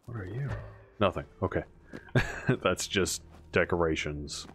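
A man giving casual commentary while playing a video game, swearing often and bursting into frustrated yells. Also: low-pitched, animated, unhurried, slight background noise. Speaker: let's play gamer. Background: game music.

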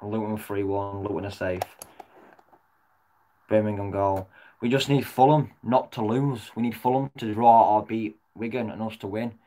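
Swearing football fan reacting live. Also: male voice, on the low side, fairly even intonation, moderate pace. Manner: swears often, shouts at the referee, swings from mutters to yells.

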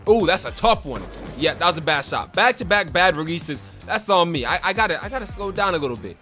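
A young man giving excitable gameplay commentary as a gaming YouTuber, trash-talking and repeating quick exclamations. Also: high-pitched, soft background music.

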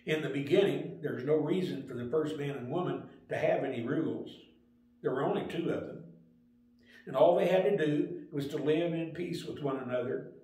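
Older male Sunday school teacher, slightly high pitch, easygoing storyteller, heavy room echo. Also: dark tone. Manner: plain, unhurried storytelling with small restarts. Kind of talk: Sunday school lesson talk. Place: church room. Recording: very echoey room.

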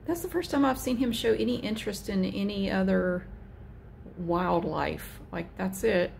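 A woman vlogger chatting casually while filming a cat outside, with a drawn-out, easygoing manner. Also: gravelly, darkish tone, a little hiss or hum. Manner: chatty, slow and drawn out, slips into high baby talk for the cat.

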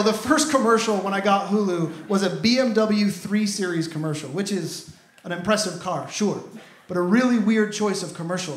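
A man's voice: sits high, slight background noise. A man in his thirties performing an upbeat stand-up comedy set on stage. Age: 30s. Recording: echoey stage sound.

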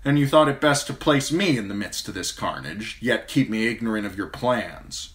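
A man's voice: on the low side, expressive, moderate pace, a bit bright, voice pushed up. A man reading an audiobook, voicing a bitter, sarcastic wounded dwarf lord in a raised, clipped voice.

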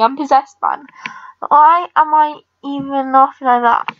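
A woman's voice: high-pitched, steady tone, a little slow, fairly bright tone, no echo, dull audio. A teenage girl chatting casually over her game recording, rambling and blunt with lots of filler words. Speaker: gamer vlogger.

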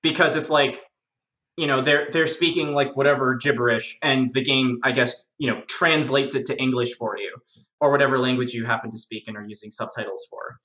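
Bright, chatty game-lore explainer, roomy sound. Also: medium pitch, a little fast. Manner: animated, chatty, many fillers and restarts, jokey. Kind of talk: casual discussion.

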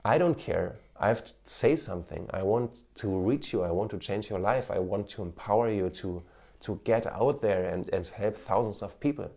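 His voice is lowish, gravelly, and mellow, delivered at normal speed. This thirty-something marketing coach and ex-TV cameraman gives earnest, encouraging advice to camera with many fillers, in a German accent with a hint of Indian. The audio comes from a smartphone with an external mic.

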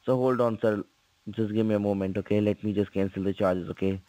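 Caller, man, low pitch, insistent, broken English. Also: steady tone, fairly quick, mellow, no room sound, low-quality recording. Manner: insistent, repeats 'sir' and 'okay', broken English. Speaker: phone scammer. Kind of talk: phone call.

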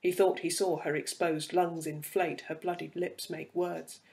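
Man, fairly high voice, dramatic fiction reading, measured delivery. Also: level tone, creaky, darkish tone. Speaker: reader.

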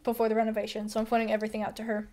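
A woman's voice: fairly high pitch, monotone, rapid-fire, dark tone. A young woman hosting a casual reaction chat, explaining behind-the-scenes details and laughing along. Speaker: host.

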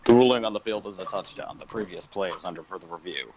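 A man imitating a deep, formal male stadium announcer. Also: quick pace, music in the background, close to an everyday voice, low-quality recording.

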